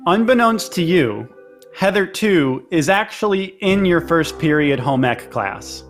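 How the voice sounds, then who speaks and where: A man's voice: a little high, big pitch swings, unhurried, faint music behind. A man narrating as game master of a tabletop role-play game, chatty with lots of fillers.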